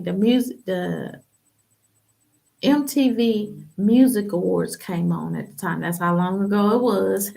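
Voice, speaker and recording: A woman talking through her own testimony on a podcast, with a gravelly, fry-edged voice at a middle pitch. She speaks emphatically and candidly, slipping into the voices of the people she quotes. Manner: animated, acts out quoted voices. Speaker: podcast host. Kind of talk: personal testimony, casual talk.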